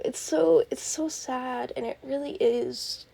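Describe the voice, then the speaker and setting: A woman's voice: high voice, fairly even intonation, takes it slowly, vocal fry, mellow, husky. A young woman hosting a casual fan commentary, chatty, laughing often and restarting her sentences. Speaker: host.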